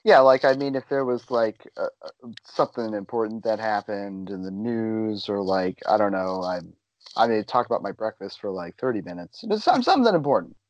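A man's voice: on the low side, expressive, normal speed, dry recording, highs cut off. A man co-hosting a podcast in casual chat, teasing his partner and laughing often. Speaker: podcast co-host.

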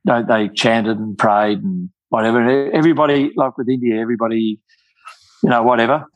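An older man, telling travel stories in casual chat, with many halting restarts. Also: medium pitch, no room sound, rough recording. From Australia.

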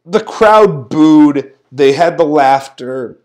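A man's voice: on the high side, expressive, takes it slowly. A man co-hosting a podcast, recapping events in a sarcastic, incredulous rant. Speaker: podcast co-host. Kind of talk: casual recap commentary.

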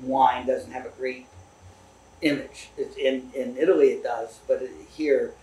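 A man guest in a casual tasting chat at a distillery, easygoing and agreeable, talking in halting phrases. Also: medium pitch, steady tone, warm tone. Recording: roomy, from a distance.

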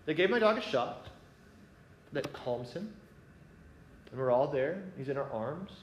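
With lively intonation and a measured pace, a man with a fairly high voice shares an earnest reflection with a gathering, often checking that his listeners follow. His delivery is conversational. Slight background noise accompanies the echoey room's faint ambience.

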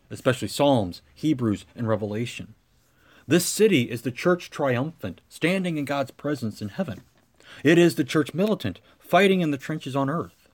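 A man preaching a sermon as pastor, with a measured cadence that swells into emphatic lines. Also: mid-range voice.

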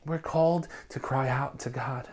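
Passionate pastor preaching. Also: male voice, mid-range voice, steady tone, moderate pace. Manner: passionate, swings between quiet and loud. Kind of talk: sermon. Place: church recording during lockdown.

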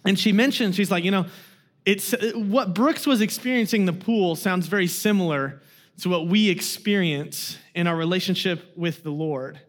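High-voiced man preaching casually. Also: moderate pace. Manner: casual storytelling with many fillers. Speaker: guest preacher. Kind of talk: sermon.

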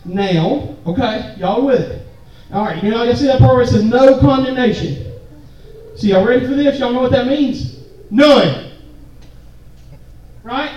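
A man's voice: extremely high pitch, lively intonation, moderate pace, darkish tone, lo-fi sound. A man preaching a sermon to a room full of people, casual and joking, with call-and-response to the crowd. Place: church hall or meeting room with an audience. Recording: very echoey room, mic far off.

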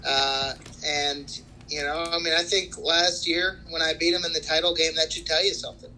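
A man talks shop about his fantasy league, stumbling over restarts while bragging about his record. His tone is very bright and forward, pitched a little high. Faint ambience sits behind him. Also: level tone, a little hiss or hum, rough recording. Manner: halting, many restarts, boastful. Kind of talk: casual banter about fantasy sports.

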